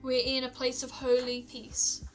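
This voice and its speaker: A woman voicing a solemn old male king of the gods, grave and measured, in a read-aloud myth. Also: high-pitched, completely flat delivery, faint music behind, poor audio.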